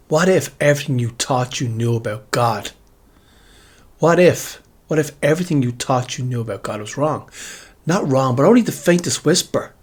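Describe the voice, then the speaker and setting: A man with a husky, slightly breathy voice talks straight to his viewers in a reflective spiritual monologue. He circles back on his own questions again and again and speaks with open, heartfelt gratitude. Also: mid-range voice. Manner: musing, repetitive questioning; heartfelt, grateful. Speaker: spiritual video creator.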